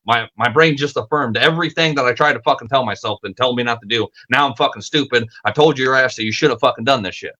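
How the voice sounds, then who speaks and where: A man talks through a casual podcast monologue in a bright, forceful voice. He is animated, swears freely and trips over repeated words. His pitch leaps whenever he acts out the people he quotes. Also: fast, few pauses, muffled recording. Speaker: podcast host.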